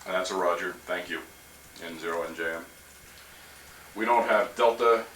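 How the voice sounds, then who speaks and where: A man acting as net control on an amateur radio net, polite and measured, with frequent hesitations. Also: low-pitched, a bit bright, a little hiss or hum. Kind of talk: procedural radio net talk. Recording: echoey room, camcorder from far off.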